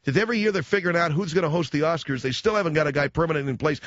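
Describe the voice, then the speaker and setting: Racing along in a slightly high, fairly bright voice, this male radio host delivers a comedic rant full of sarcasm, wandering between showbiz digs and tossing in impressions. There's no room sound, and the top end of the audio is cut off.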